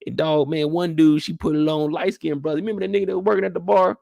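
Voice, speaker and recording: A man hosting a TV after-show, recapping an episode in animated, slangy storytelling to his viewers. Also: on the high side, fast, vocal fry, hardly any pauses, no echo, clean studio sound. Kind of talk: casual episode recap commentary.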